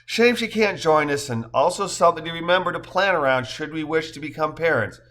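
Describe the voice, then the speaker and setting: A man's voice: on the high side, animated, brisk, fairly bright tone, voice pushed up. A man reading an audiobook, voicing a cheerful, wry young woman in a raised voice. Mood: teasing.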